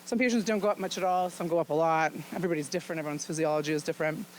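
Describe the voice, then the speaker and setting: A woman's voice: deep voice, steady tone, rapid-fire, a little hiss or hum, poor audio. Frank, chatty woman doctor presenting. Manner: frank and chatty, laughs often. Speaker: physician presenting at a luncheon. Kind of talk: informal presentation to an audience.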